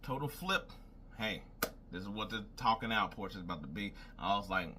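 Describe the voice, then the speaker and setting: A low-pitched young man talks fast in a bright, forceful tone, with a little hiss or hum behind him. He's a wrestling commentator making predictions in casual solo talk, rambling, thinking aloud, and repeating "I was like."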